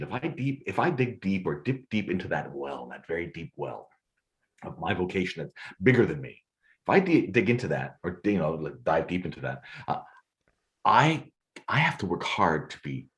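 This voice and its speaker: Here a low-voiced guest, both storyteller and photographer, tells stories at a moderate pace. His delivery is animated and theatrical, full of laughter and acted-out scenes.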